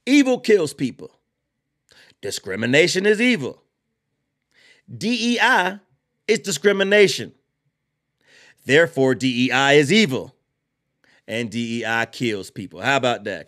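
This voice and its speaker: A man hosts a political podcast, delivering heated, blunt opinions with slow, emphatic repetition and drawled asides. His voice sits on the high side and sounds a bit bright.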